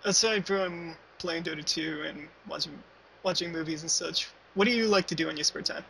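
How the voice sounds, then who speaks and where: A man's voice: fairly high pitch, moderate pace, vocal fry, bright, forceful tone, slight background noise, low-quality recording. A young man hosting an interview, asking brief, easygoing questions. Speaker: interview host.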